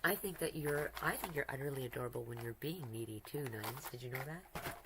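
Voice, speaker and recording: Woman streamer, casual drawing chat, very deep voice, rambling and giggly. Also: brisk, fairly bright tone, rough recording. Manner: rambling, giggly, affectionate, self-interrupting.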